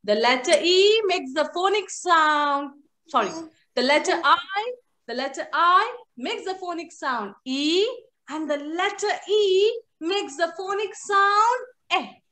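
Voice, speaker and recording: A woman teaching an online phonics class to young children over a video call, coaxing them along with animated, sing-song prompts. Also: very high-pitched, slow.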